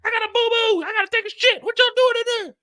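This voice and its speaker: A man's voice: rapid-fire, sharp tone. A man voicing impatient clubgoers who whine to be let into a bathroom. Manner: squeaky, whiny pleading.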